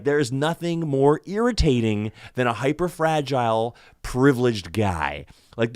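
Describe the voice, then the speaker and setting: Man, from Canada, podcast guest, casual talk, swears a lot, very lively pitch, dry close sound. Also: no echo. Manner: animated, heavy swearing, emphatic. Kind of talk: casual conversation.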